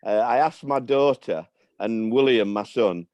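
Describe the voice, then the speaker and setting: A man's voice: mid-range voice, measured pace, lo-fi sound, a crowd in the background. An older man, a former football manager, chatting as a guest and telling rambling anecdotes full of restarts. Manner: rambling storyteller, frequent restarts. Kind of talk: anecdotal interview chat.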